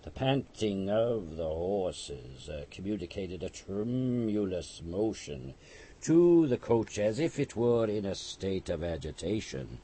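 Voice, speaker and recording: A man reading a classic novel aloud with a low, husky voice. His delivery is lively and expressive, rising and falling with the drama of the story. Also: slow. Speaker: audiobook reader. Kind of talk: scripted narration.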